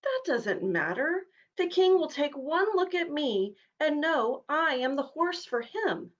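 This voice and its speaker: A woman's voice: sits high, very animated, slow, muffled recording, voice pushed up, exaggerated voice. A woman voicing a proud, snobbish male war horse in a storybook reading, with a haughty, pompous manner. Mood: boastful.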